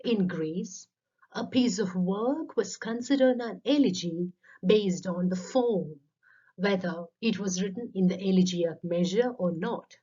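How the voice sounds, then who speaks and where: A woman with a mellow, husky mid-range voice narrates a scripted literature lecture at a measured pace, defining terms step by step. It's recorded as a dull lo-fi voice-over.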